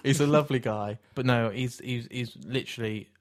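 A man's voice: medium pitch, normal speed. A man in casual film chat, blunt and exaggerated, swearing freely.

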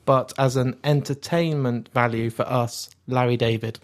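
Guy on a podcast, jokey, laughs a lot, mid pitch. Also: fairly even intonation, normal speed. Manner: jokey, laughing, reads listener questions. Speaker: podcast co-host. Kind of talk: casual chat.

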